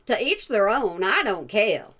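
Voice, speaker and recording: A woman's voice: medium pitch, sing-song, unhurried, fairly bright tone, slight background noise. A woman hosting a reaction channel, talking back to a clip in a blunt, exasperated way. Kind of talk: reaction commentary.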